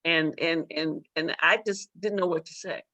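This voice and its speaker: A woman's voice: low-pitched, steady tone, moderate pace, pushed and bright, no room sound. A middle-aged woman, a judge and author, telling a personal story as an interview guest, emotional and full of repeated words and restarts. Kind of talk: storytelling in a talk-show interview.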